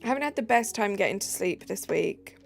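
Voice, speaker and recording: A tired British woman chatting casually on a live stream, giggly, reading chat aloud and dropping into soft asides. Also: medium pitch, lively intonation, fairly quick, gravelly, faint music behind.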